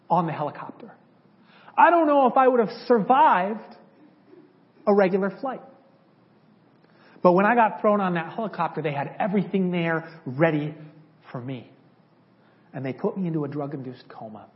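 A man sharing a personal testimony in a church, telling it conversationally and acting out the dialogue he remembers. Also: on the high side. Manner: conversational, acts out dialogue from memory. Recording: slightly dull lo-fi audio.

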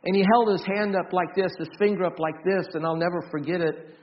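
A man preaching a sermon as pastor, earnest, often repeating and restarting words, swinging from loud emphasis to soft, quiet storytelling. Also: high-pitched, steady tone, a little fast, highs cut off. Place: church.

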